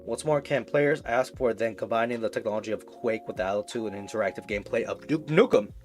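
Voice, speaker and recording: A man's voice: fairly low pitch, a little mellow, faint music behind. A man on a casual stream who reads an article aloud, stumbling at times and breaking off into his own asides. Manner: stumbling, halting read with asides.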